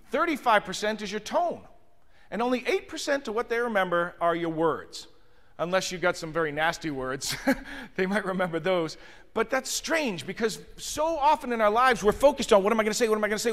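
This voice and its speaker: A man's voice: high-pitched, fairly bright tone, big-room sound. A man giving a motivational seminar on communication, telling stories expressively and addressing the audience directly. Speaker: hospitality communication trainer. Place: large function room with audience.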